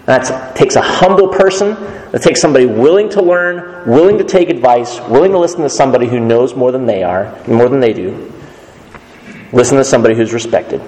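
A man's voice: mid-range voice, lively intonation, brisk, a little mellow. A male pastor giving a sermon in a conversational, emphatic way. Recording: echoey hall reverb.

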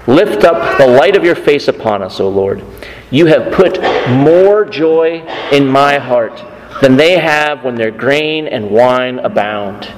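A preacher in a reverberant hall. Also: male voice, mid-range voice, slight background noise. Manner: earnest, repeats key phrases for emphasis. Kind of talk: sermon. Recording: long reverb of a church hall.

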